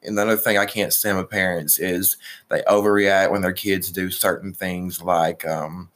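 Casual low-voiced male podcast host. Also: little pitch movement, moderate pace, a bit bright. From Alabama. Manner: opinionated, swears, trails off mid-sentence. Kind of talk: casual chat.

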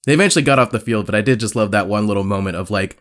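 A young man co-hosting a casual podcast, telling stories and putting on squeaky voices for the people he quotes. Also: racing, a bit bright. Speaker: podcast co-host. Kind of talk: casual chat.

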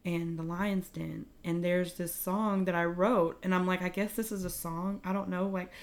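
A young woman casually telling a heartfelt personal story, animated and full of fillers. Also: fairly low pitch, moderate pace. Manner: animated, emotional retelling with many fillers. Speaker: guest telling her faith story.

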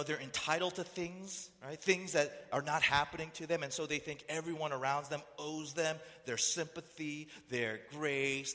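A man's voice: mid-range voice, bright, forceful tone. A man preaching a sermon who keeps asking the listeners rhetorical questions. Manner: rhetorical questions, acts out voices. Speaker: pastor. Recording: echoey hall reverb.

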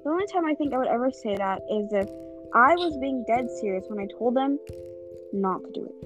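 A woman's voice: fairly high pitch, expressive, fairly quick. A teenage girl co-hosting a casual chat, talking earnestly and rambling with many restarts. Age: teens. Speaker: co-host. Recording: tinny phone-like sound, background music.

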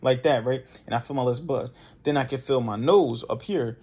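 The young podcast host here has a medium-pitched, darkish voice with a breathy edge and a moderate pace. His talk is casual and instructional: he shares voice tips conversationally and performs the exercises himself.

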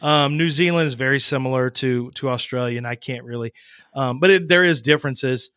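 Bright-voiced man chatting casually. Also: medium pitch, brisk, no room sound, clean studio sound. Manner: rambling, many ums and restarts. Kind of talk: casual chat.

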